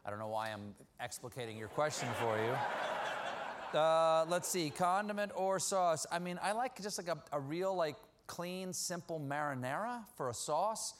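A man's voice: fairly high pitch, measured pace, a little hiss or hum. A middle-aged man hosting a casual question session with a studio audience, telling stories in a playful, self-mocking way. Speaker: talk show host.

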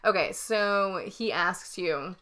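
A woman's voice: mid-range voice, takes it slowly, bright, forceful tone. Woman, podcast co-host, casual chat, giggly, playful reading. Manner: giggly, reads quiz lines aloud with playful emphasis.

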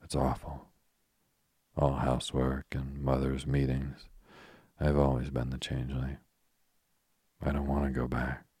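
A man's voice: extremely low pitch, completely flat delivery, warm tone, husky, no echo, studio quality, heavily acted. A man reading as a frank, spirited young woman. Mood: fretful. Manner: chatty and blunt, quick to exclaim.

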